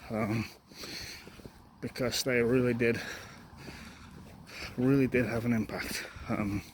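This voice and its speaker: A young man talking candidly and reflectively while walking, out of breath, with frequent pauses and restarts. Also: mid-range voice, fairly even intonation, rough recording. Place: outdoors walking up a hill. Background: loud outdoor noise.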